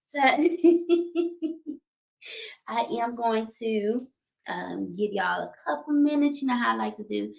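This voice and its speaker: A woman's voice: fairly high pitch, gravelly. Upbeat chatty woman hosting a livestream. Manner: upbeat, chatty, laughs often, repeats words. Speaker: host. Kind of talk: livestream talk show.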